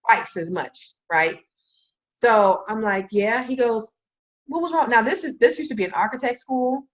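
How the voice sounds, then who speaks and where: Animated woman telling stories, lo-fi audio. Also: a little high, unhurried. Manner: animated storyteller acting out quoted dialogue. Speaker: podcast guest. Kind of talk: casual storytelling interview.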